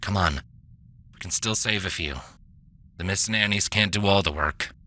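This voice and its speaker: Woman as a firm, low stallion pushing others to act. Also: moderate pace, bright, forceful tone, heavily acted. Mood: urgent. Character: male stallion, stern and urgent.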